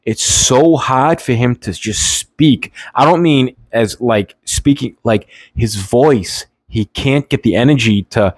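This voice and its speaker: A man's voice: mid-range voice, expressive, measured pace, husky, no echo. Blunt, profane man ranting solo. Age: adult, has nieces and nephew. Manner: blunt, profane, rambling with restarts. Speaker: podcast host. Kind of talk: unscripted solo political rant.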